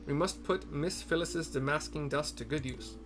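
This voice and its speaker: A man's voice: a little high, normal speed, voice pushed up, lightly acted. Man doing a smug posh inspector, fancy old-timey talk, faint music behind. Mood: grandiose. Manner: florid, old-fashioned formal speech. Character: pompous gentleman inspector, grandiose and self-assured.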